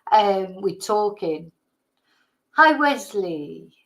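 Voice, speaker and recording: A woman's voice: medium pitch, animated, extremely slow, rough recording. Chatty, tired woman live-streaming. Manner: chatty, rambling, greets viewers warmly by name. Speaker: livestream host. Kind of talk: casual live chat.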